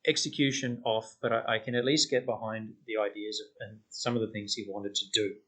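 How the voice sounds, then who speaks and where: A man's voice: fairly low pitch, flat delivery, fairly quick, fairly bright tone. A man chatting casually about films on a podcast, agreeable, often chiming in with short remarks. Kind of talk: casual film podcast chat.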